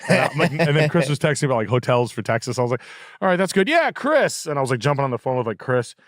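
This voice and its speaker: A man's voice: mid-range voice, very fast, no echo, studio quality. A middle-aged man hosting a podcast, telling a rambling story in a profane, sardonic way. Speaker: podcast host. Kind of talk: casual storytelling chat.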